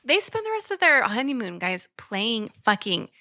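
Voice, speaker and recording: A woman's voice: a little high, very animated, normal speed, vocal fry, bright, forceful tone. Laughing woman podcaster retelling scenes. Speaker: podcast co-host. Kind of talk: casual chat.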